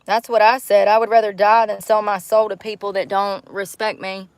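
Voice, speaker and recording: A woman rants to her livestream viewers in a blunt, heated, profane way. Her voice sits at a middle pitch, and the sound is dry and close, with no room echo. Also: little pitch movement, moderate pace, clear, resonant tone. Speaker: livestream host. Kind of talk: angry livestream rant.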